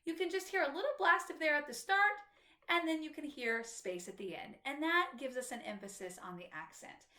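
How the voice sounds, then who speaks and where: Patient woman music teacher, bright lively delivery, roomy sound. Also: high-pitched. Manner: patient, explanatory teacher talking to students. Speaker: flute instructor. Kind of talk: instructional music tutorial.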